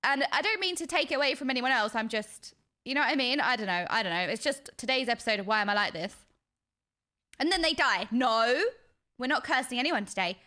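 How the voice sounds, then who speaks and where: A woman's voice: on the high side, expressive, a little fast, pushed and bright. A woman streaming a game, chatting casually with viewers in an effusive, talkative way. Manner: chatty and self-described yappy; effusive, uses extreme language. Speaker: livestreamer. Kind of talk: casual livestream chat with viewers.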